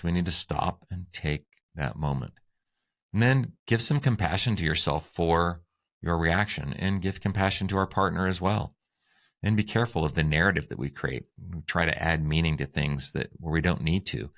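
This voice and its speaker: A man's voice: deep voice, a bit bright. A man co-hosting a relationship advice talk, walking through tips with enthusiasm. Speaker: podcast co-host.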